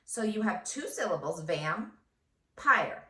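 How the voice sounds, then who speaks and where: A first grade teacher woman dictating a phonics lesson, sounding out words slowly and clearly syllable by syllable. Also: medium pitch, animated, bright, forceful tone. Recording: echoey room, voice from a distance.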